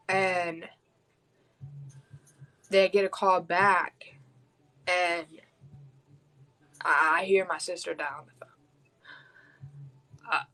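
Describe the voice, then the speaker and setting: A woman's voice: on the low side, bright, forceful tone, low-quality recording. A woman, hosting a podcast and telling a personal story in a raw, blunt way, swearing heavily. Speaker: podcast host.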